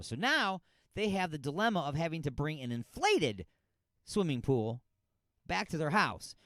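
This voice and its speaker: A fairly high-voiced man hosts a radio talk show and rants about a news story with biting sarcasm. His delivery is lively and full of swings in pitch as he scolds with exasperation. The sound is close and dry, with no room around it. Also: dry recording. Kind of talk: ranting commentary on a news story.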